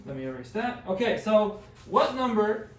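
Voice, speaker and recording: Here the Spanish teacher's high voice swings widely in pitch as he talks at a moderate pace. Patient and encouraging, he sounds out words for his students in a classroom lesson, recorded in an echoey room on a distant mic.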